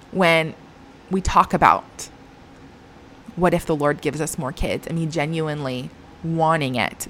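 A young woman with a low, grounded voice talks candidly and earnestly to her viewers, leaning on fillers as she gathers her thoughts. A faint hum of background noise sits under her. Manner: earnest, confiding, lots of "like" and "um". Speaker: Christian mom vlogger. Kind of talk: candid personal talk to camera.

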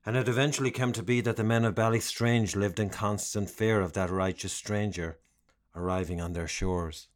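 A man's voice: on the low side, steady tone, normal speed. A man narrating a comic story in a wry, theatrical way.

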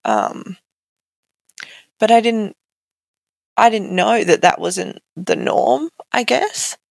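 Young woman with a heavily creaky voice. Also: mid-range voice, takes it slowly, a little mellow, no echo. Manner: candid, conversational, with many "like" fillers. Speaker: guest telling her story. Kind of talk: personal account in an interview.

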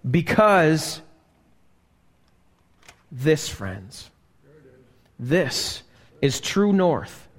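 A man preaching a live sermon as pastor, slow and emphatic, asking the congregation rhetorical questions. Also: a little high, big pitch swings. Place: church sanctuary. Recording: live church recording with long reverb.

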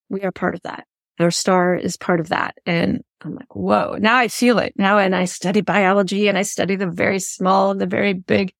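A woman's voice: mid-range voice, dry recording, studio quality. A woman hosting an interview podcast, chatting in an earnest, effusive way and thinking aloud as she goes. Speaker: podcast host. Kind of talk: reflective interview chat.

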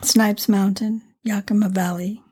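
A woman's voice: mid-range voice, level tone, unhurried, mellow, husky. A woman co-hosting a casual wine tasting show, giving short, dry, teasing replies.

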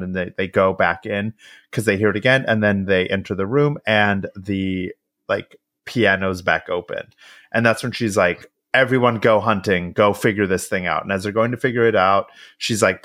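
A man's voice: fairly low pitch, fairly bright tone, no echo, clean studio sound. A man co-hosting a casual podcast, animatedly recapping a film with lots of swearing and acted-out quotes. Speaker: podcast co-host.

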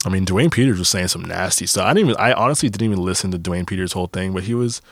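Low-voiced and rapid-fire, a young podcast host delivers a casual monologue on a dry recording. He rambles loosely and swears, with lots of fillers and restarts.

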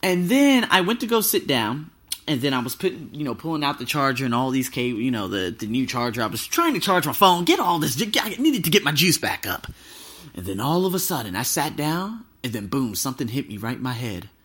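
A thirty-year-old man, a travel vlogger, telling stories casually and excitably, swearing freely. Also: mid-range voice, a little fast, slightly rough. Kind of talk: casual storytelling.

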